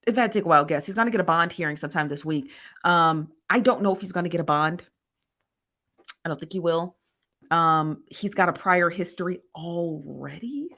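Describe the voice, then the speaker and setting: Woman chatting on a live stream, reads out comments and answers em, kinda low voice. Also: fairly bright tone. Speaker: host reading live chat. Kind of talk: casual live-stream chat.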